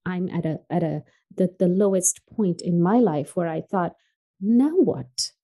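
Podcast guest, woman from Tanzania: earnest, emphatic storyteller with a mellow voice. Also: steady tone, moderate pace, poor audio. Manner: earnest and emphatic, drops soft and low on painful points. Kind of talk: heartfelt personal storytelling.

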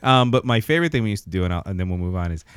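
A man who works as a voice actor, a podcast guest chatting casually and telling lively stories with many restarts. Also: low-pitched, rapid-fire, clear, resonant tone, no room sound. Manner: animated storyteller, many restarts and fillers.

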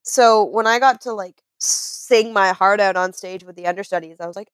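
A woman chatting casually, telling lively stories and acting out other people's voices. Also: medium pitch, normal speed, few pauses, smooth, dry recording. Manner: animated storyteller, acts out voices with laughter. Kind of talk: casual chat.

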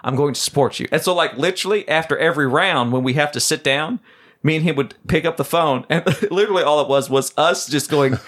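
A man tells a story on a podcast, keeping it loose and casual. He laughs often as he goes and acts out the people he quotes in a lower, muttered voice. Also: fairly quick, fairly bright tone. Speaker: podcast co-host.

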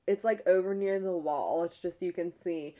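A young woman with a fairly low voice tells a spooky story in a loose, chatty way. She piles up "like" and half-finished sentences as she goes. Her tone stays casual and conversational. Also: moderate pace. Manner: rambling, heavy use of "like", frequent restarts; retells a ghost-hunt episode with a hushed, animated tone.

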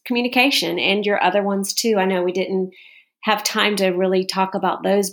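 A woman hosting an interview, affirming and encouraging her guest in casual talk. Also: mid-range voice. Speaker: podcast host.

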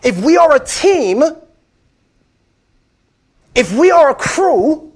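A pastor preaches a sermon with genuine fervor, his voice pitched unusually high, very animated yet slow. He hammers points home by repeating phrases and keeps calling the congregation beloved.

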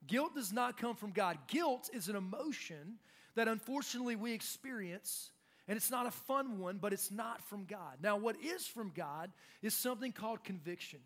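A young adult male pastor preaching a sermon in an animated way, acting out quotes. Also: high voice, moderate pace, soft background music. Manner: animated, acts out shouted quotes.

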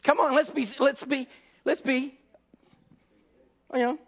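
A man preaching an impassioned sermon, acting out scenes and shouting at the peaks. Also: very high-pitched, fairly even intonation, slow pace, vocal fry.

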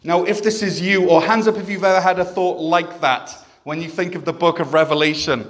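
A man's voice: sits high, fairly even intonation, a little fast. A man preaching a sermon in a church, conversational and self-deprecating, with humor. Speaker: pastor.

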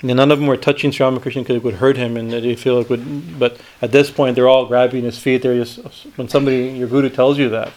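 A man, a swami, reading a spiritual text aloud and breaking off into halting commentary that often ends in a questioning "right?". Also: mid-range voice, flat delivery, a little mellow, slight background noise. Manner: halting asides, frequent "right?" tags.

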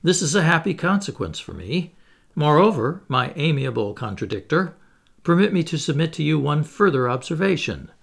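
Bold, unflappable adventurer with a gravelly, lively delivery, read by a man, for a storybook. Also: a little high, moderate pace, voice pushed up, heavily acted. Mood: assured. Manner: cheerful, assured, explanatory. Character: confident witty male adventurer, unflappable.

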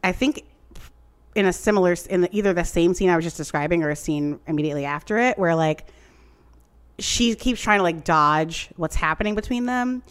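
A woman's voice: on the low side, brisk, smooth. A woman in casual chat, telling a long story with lots of fillers. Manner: rambling, animated storytelling with many "like" fillers. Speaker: podcast co-host recapping a TV show.

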